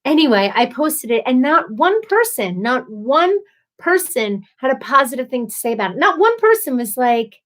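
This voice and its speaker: A woman in her thirties hosting a casual live stream, ranting in an animated, exasperated way and acting out quoted voices. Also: high-pitched, normal speed.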